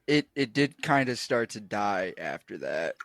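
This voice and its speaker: Podcast co-host, male, lively pitch, dry close mic, loose profane banter. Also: unhurried, vocal fry, dry recording. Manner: expressive, laughs a lot, swears. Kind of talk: casual chat.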